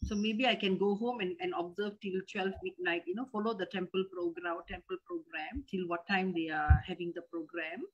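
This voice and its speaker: This disciple, a middle-aged woman from Malaysia with a Malaysian English accent, phones her teacher with a question in a casual chat. She sounds respectful yet hesitant, restarting and repeating words. Her husky voice sits fairly low and steady, moving fairly quickly with hardly any pauses, and the sound is lo-fi.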